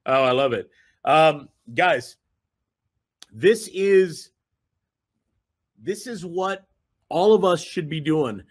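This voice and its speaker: A man's voice: on the high side, expressive, slow pace, pauses often. A man hosting a group video call, giving a rambling, enthusiastic motivational talk full of fillers and repeated phrases.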